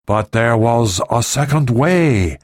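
A man voicing an aging male oracle who speaks slowly and quietly in an audiobook. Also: mid-range voice, animated, dry recording, studio quality. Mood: solemn. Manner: slow, quiet. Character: aging male oracle, weary then eager.

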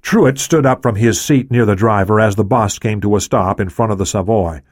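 A man narrating an audiobook in a steady, even reading. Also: fairly low pitch, moderate pace, dry recording, studio quality.

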